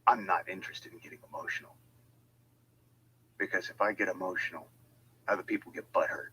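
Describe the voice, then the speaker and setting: Heated man, deep sharp voice, swearing and combative, ranting monologue. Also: fairly quick, a little hiss or hum, low-quality recording. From United States. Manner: heated, profane and confrontational. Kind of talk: angry monologue.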